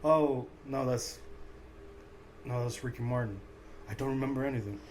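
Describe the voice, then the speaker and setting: A man is a comedy podcast co-host rambling through casual talk. He swears freely and strings his thoughts together with fillers, at an average pitch. A faint noise sits under the voice. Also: moderate pace, a little mellow. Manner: loose, profane, rambling with many fillers.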